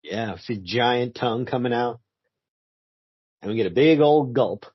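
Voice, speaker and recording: A man co-hosting a podcast, laid-back, chuckling and throwing in quick jokes. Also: mid-range voice, lively intonation, slightly rough, no room sound, dull audio. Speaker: podcast co-host. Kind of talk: casual comic book review chat.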